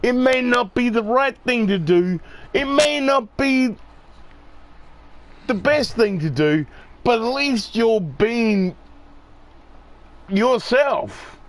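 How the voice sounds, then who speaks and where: A man's voice: very high voice, lively intonation, slow, pauses often. A middle-aged man in a rambling, profane monologue, getting worked up as he rants.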